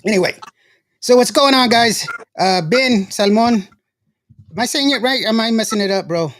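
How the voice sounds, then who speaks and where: A man's voice: high-pitched, expressive, moderate pace, a bit bright, slight background noise. A man hosting a casual show, chatty and laughing often as he tells stories. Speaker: show host. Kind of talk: casual livestream chat.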